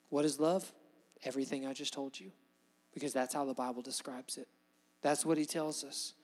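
Male pastor, fairly high-pitched, impassioned preaching with sharp swells in volume, long hall reverb. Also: brisk. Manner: impassioned, rises and drops in volume for emphasis. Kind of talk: sermon.

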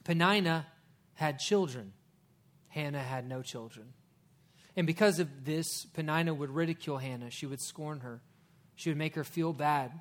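A middle-aged man preaching a sermon, his voice sitting a little higher than most men's. He talks in a folksy way, mixing scripture with stories and joking asides to his listeners. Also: moderate pace. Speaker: pastor.

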